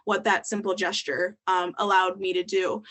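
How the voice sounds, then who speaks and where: A woman's voice: mid-range voice, little pitch movement, normal speed, a bit bright. A young adult woman, a podcast guest, telling her story in candid casual talk, with frequent ums and likes.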